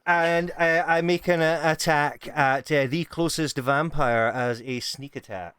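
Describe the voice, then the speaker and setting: A man playing a tabletop game, speaking hesitantly with frequent pauses and fillers. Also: fairly high pitch, fairly even intonation, a bit bright, clear, resonant tone, no echo. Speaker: player.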